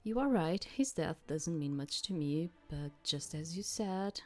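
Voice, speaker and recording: A woman's voice: low-pitched, expressive, unhurried, darkish tone. A woman reading the lines of a composed, calculating young empress in a game. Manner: poised, calculating.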